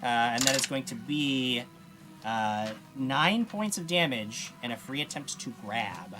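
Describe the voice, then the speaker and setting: A man running a tabletop game as game master, calling rolls and rules quickly. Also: mid-range voice, animated, over music. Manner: quick, rules-focused calls.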